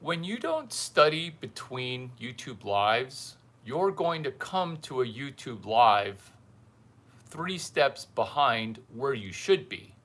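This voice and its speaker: A man hosts a livestream as a kind of mentor, chatting casually to his viewers in a blunt, teasing style and repeating lines for effect. His voice sits at a medium pitch with a fairly bright tone, and he speaks slowly but with a great deal of animation.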